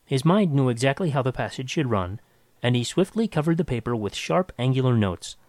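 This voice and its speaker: A man reading a science fiction story aloud with dramatic, expressive narration. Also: medium pitch, fairly quick, no room sound.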